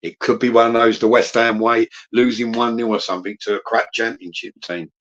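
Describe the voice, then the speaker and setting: A man chatting relaxed as a guest on a live stream, smoking as he talks. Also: mid-range voice, brisk. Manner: relaxed, smoking while talking. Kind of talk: casual live-stream chat. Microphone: video call. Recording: dull lo-fi video call audio.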